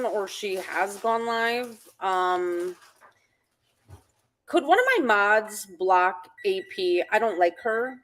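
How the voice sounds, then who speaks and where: A woman chatting on a casual livestream at home, blunt and profane in her talk. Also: medium pitch.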